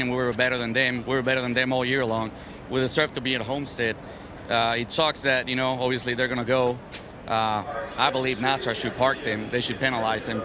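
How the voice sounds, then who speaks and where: A man, a racing crew chief, giving an aggrieved, halting post-race interview outdoors at a track. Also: mid-range voice, background noise. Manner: aggrieved, halting, many uh fillers.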